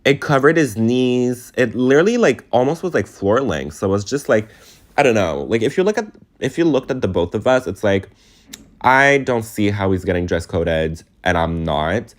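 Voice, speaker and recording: Young male vlogger, deep low register, rambling and filler-heavy, emotional and confiding delivery. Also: very animated, normal speed. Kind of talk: casual storytime vlog.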